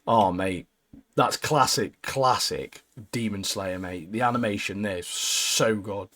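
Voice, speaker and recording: A man recapping anime episodes in a casual podcast chat, animated and peppering his talk with "mate". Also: a little slow. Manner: animated, keeps adding "mate", jumps into high squeaky voices when quoting characters. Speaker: podcast co-host.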